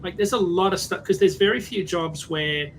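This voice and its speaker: A man's voice: high voice, normal speed, slight background noise, poor audio. A man who used to drive trucks, reflecting in a casual podcast chat and often checking in with "right?".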